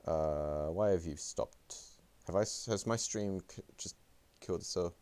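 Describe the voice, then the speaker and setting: A young man talking on a livestream in a deep, low voice. He rambles and swears freely, mocking himself as he goes. It is loose, off-the-cuff commentary. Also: a little slow, darkish tone, clean tone. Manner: rambling, profane, self-deprecating. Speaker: esports player and streamer.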